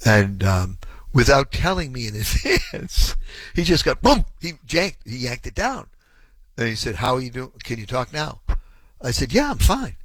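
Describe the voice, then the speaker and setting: A man's voice: medium pitch, fairly bright tone, slightly rough, no room sound. A man in his sixties hosting a call-in radio show, telling a long anecdote in a rambling way, full of ums and chuckles. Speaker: radio talk show host.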